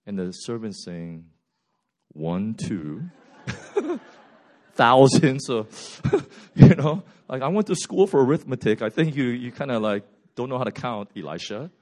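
A male preacher in full storytelling mode, his voice jumping from loud, quick bursts to hushed, slow lines. He acts out characters as he goes and keeps the delivery casual and conversational. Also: mid-range voice, lively intonation. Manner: swings from loud and fast to quiet and slow. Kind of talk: sermon.

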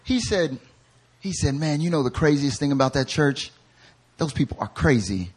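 A man preaching a sermon, moving between quiet, joking storytelling and loud, fervent shouting, acting out quoted people with humor. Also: fairly high pitch, expressive, normal speed, breathy edge. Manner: acts out quoted voices with humor. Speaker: pastor.

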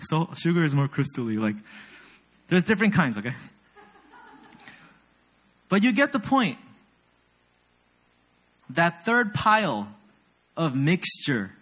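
A young male pastor delivers a sermon in a bright, slightly high voice that leaps up and down as he tells stories. He is self-deprecating and animated, often turning to the congregation with quick questions. His delivery is lively and conversational. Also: breathy edge.

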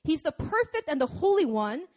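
A woman's voice: sits high, big pitch swings, moderate pace. A young woman preaching a sermon in a casual, conversational way, laughing often.

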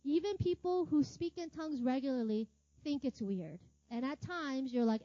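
Woman, ministry teacher, casual sermon storytelling, chatty, laughs a lot, high voice, dry muffled sound. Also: lively intonation, normal speed, mellow, no echo. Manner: chatty, laughs often, lots of filler words and tag questions.

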